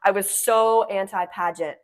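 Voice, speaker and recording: A teenage girl from Washington State, a pageant titleholder, telling stories in a chatty, animated way with lots of "like". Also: medium pitch, a little slow. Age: teens. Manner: chatty, animated storytelling, frequent "like". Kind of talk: casual interview chat.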